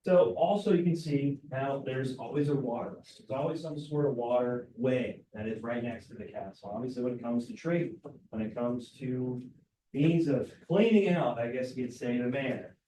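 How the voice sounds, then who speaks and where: A man's voice: mid-range voice, normal speed, warm tone. Casual man lecturing a classroom. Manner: casual, keeps asking "right?". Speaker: teacher. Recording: roomy classroom, mic far off.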